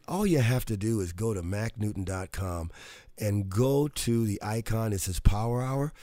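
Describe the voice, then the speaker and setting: Guy hosting a motivational radio show, mellow warm voice, folksy and jokey, dry studio sound. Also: fairly low pitch, dry recording. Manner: folksy, upbeat, jokey with listeners. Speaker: radio host.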